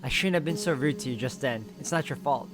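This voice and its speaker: A man voicing a brisk, sharp-tongued woman librarian nun with a curt manner, over background music. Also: medium pitch, lightly acted. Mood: gentle, apologetic. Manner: curt and cutting, then softly apologetic.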